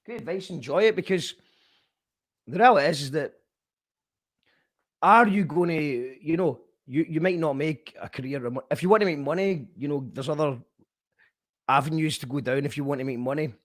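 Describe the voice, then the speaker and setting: A man's voice: a little high, moderate pace, long pauses, no room sound, studio quality. A man hosting a radio interview, talking in an encouraging, emphatic way with many restarts. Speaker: radio show host. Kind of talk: casual interview chat.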